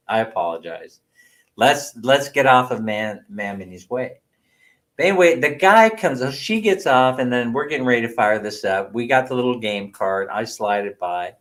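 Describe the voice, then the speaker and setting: A man's voice: medium pitch, lively intonation, moderate pace, fairly bright tone. A man from the United States hosting a casual livestream at home, telling a rambling story, teasing and laughing often. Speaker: livestream host.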